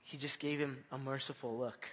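A man's voice: mid-range voice, level tone, normal speed, a bit bright. A man preaching a conversational evening sermon in church, repeating his phrases and putting questions to the listeners. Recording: long reverb of a hall.

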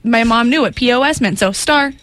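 A woman's voice: on the high side, fairly quick, a bit bright. A woman co-hosting a casual talk show, bubbly and joking. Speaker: co-host. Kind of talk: casual chat.

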